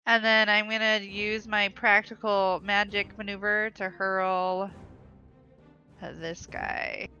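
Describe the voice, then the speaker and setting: Woman, tabletop player, bright voice, slightly dull lo-fi mic, easygoing. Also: mid-range voice, flat delivery, takes it slowly, soft background music. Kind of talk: casual tabletop game play.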